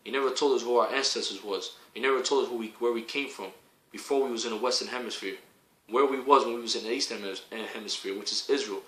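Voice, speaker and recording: A man preaching in a fiery, foul-mouthed rant, hammering his points again and again and rising to shouts. His voice is bright and pushed. It rings out in an echoey room. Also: medium pitch.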